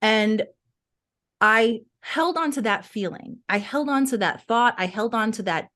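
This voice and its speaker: A woman's voice: on the high side, measured pace, fairly bright tone. A young adult woman co-hosting a podcast, chatting casually and telling stories expressively, full of "like" and "right?". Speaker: podcast co-host.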